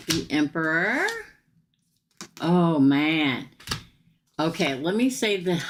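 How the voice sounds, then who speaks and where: A middle-aged woman with a hoarse, worn voice, hosting a casual live tarot reading, chatty and laughing often as she talks to the viewer. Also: low voice, lively intonation, very slow, pauses often, noisy background. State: hoarse, losing her voice.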